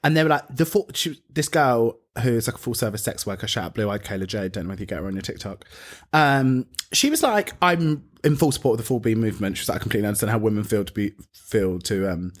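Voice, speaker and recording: A man's voice: fairly low pitch, quick pace. A British man co-hosting a podcast, telling stories in casual chat, laughing often and acting out other people's voices. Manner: animated storyteller, laughs often, acts out voices. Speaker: podcast co-host.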